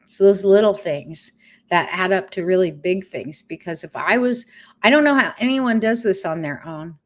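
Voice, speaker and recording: Frank, emotional middle-aged woman, lowish voice. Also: normal speed. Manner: frank and emotional, with casual swearing. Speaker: vlogger sharing a cancer journey. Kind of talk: candid personal update.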